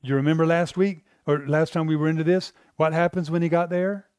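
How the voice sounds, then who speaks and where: A man's voice: on the high side, little pitch movement, brisk, darkish tone, smooth, no echo, studio quality. An American man teaching a Bible class, asking the room questions and repeating himself as he builds his points.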